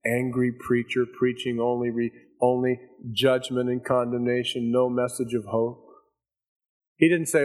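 A man's voice: mid-range voice, level tone, unhurried, a little mellow. A man preaching a sermon, telling a story with emphatic, dramatic delivery.

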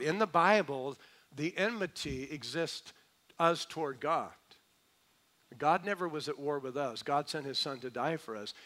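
Preaching from the pulpit, a middle-aged pastor swells toward forceful declarations, then sinks into a quiet, low tone.

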